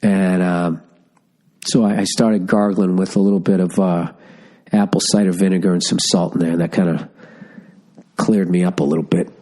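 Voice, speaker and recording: Congested middle-aged guy, lowish voice, profane ranting podcast host. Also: moderate pace, pauses often. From Massachusetts. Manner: profane, ranting, storytelling, animated asides. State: stuffy, congested from a cold. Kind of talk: casual solo podcast rant. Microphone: studio podcast mic.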